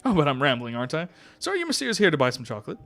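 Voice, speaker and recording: A man's voice: fairly high pitch, huge pitch swings, very fast, vocal fry, a bit bright, faint music behind, heavily acted. A man hamming up a fussy elephant chocolatier. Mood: theatrical. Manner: wobbly put-on European accent drifting between styles.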